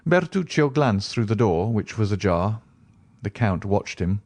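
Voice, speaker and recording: Slow, expressive male audiobook narrator. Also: on the low side. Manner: deliberate, expressive storytelling. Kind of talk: scripted narration.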